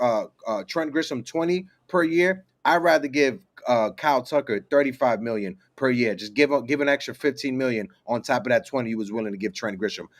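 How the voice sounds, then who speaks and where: A man hosting a casual sports podcast, talking in a loose, joking way. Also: mid-range voice. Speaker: host.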